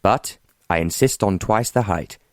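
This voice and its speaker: A man's voice: fairly low pitch, measured pace, dry recording, clean studio sound. A man doing a sneering domineering bully. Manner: harsh, sneering, emphatic.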